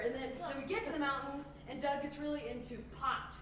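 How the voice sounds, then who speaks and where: A self-mocking woman from Indianapolis tells comic stories onstage, switching quickly and restarting often, in a fairly high voice. The sound is heard from far off in a very echoey theater, with steady noise behind. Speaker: solo stage performer. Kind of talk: live comic storytelling monologue.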